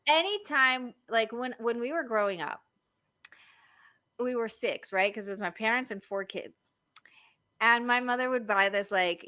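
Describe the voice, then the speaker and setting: A woman's voice: mid-range voice, bright, forceful tone, dry recording. A woman in her thirties, a marriage coach, chatting casually on a podcast and telling stories full of fillers. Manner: chatty storyteller, lots of likes and you-knows.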